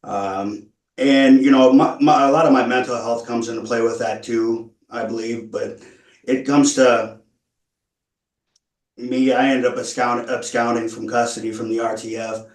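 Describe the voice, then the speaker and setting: A man speaking at a parole hearing, earnest and halting, stumbling through many restarts as he explains himself. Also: medium pitch, steady tone, darkish tone. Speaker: parole applicant. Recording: echoey room, far from mic.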